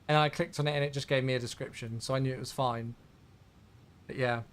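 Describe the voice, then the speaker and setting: A man's voice: mid-range voice, fairly even intonation, fairly quick. A man chatting casually on a flight sim live stream, rambling as he answers viewer questions.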